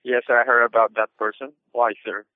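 A man's voice: medium pitch, little pitch movement, moderate pace, no room sound. A man working as a customer service agent, polite and formal, apologizing and saying sir often, heard over a phone line.

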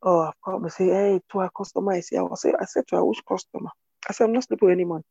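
A woman's voice: on the low side, steady tone, very fast, vocal fry, dark tone, husky, dry recording. A woman from Cameroon, giving an earnest personal testimony in an interview and repeating phrases for emphasis. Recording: dull, dry lo-fi recording.

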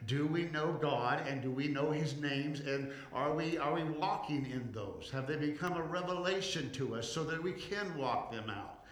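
A male pastor preaching a sermon, rising in intensity, slowing down to stress words and calling on the congregation to respond. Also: fairly high pitch, echoey room. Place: church.

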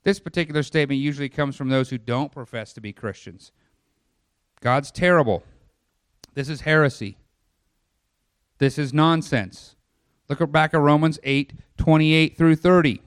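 A male pastor giving a sermon, building his voice through long lists, then dropping low and quiet, with conversational asides to the congregation. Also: moderate pace, long pauses, smooth, dry recording, clean studio sound.

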